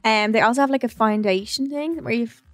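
A woman's voice: a little high, fast talker. A young Irish woman co-hosting a podcast, talking in a chatty, enthusiastic way and laughing often. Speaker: podcast co-host. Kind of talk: casual chat.

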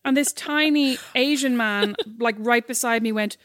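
A woman's voice: a little high, moderate pace, no room sound, clean studio sound. Teasing Irish woman telling stories. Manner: animated anecdote teller, teasing. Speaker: podcast co-host. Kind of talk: casual chat, storytelling.

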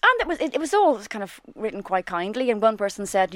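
A woman, co-hosting a podcast in casual chat, an animated storyteller who acts out quotes. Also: medium pitch, fast talker, few pauses, no echo. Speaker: podcast co-host.

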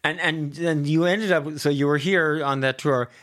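A man's voice: a little high, steady tone, moderate pace, fairly bright tone. A man hosting an interview, asking questions in a wry, lightly teasing way. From Ireland. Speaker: interviewer host. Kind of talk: conversational interview.

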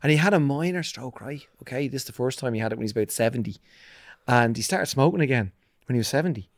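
A middle-aged Irish man telling lively stories in a casual chat, swearing freely. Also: medium pitch, fast talker, no echo, studio quality. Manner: animated storyteller, swears freely. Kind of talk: casual banter.

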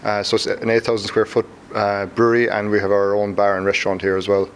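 Cork-accented man, quick talker, low-ish voice, casual interview. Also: completely flat delivery, slight background noise. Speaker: brewery co-founder.

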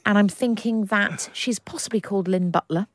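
A woman's voice: medium pitch, normal speed, no echo, studio quality. A woman co-hosting a podcast, chatting playfully and enthusiastically with her co-host, often laughing. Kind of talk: casual chat.

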